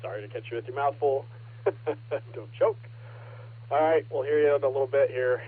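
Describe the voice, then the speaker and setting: A man acting as net control on an amateur radio net, relaxed and joking as he reads out call signs and takes check-ins. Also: medium pitch, moderate pace. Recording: narrow, lightly hissy ham radio transmission.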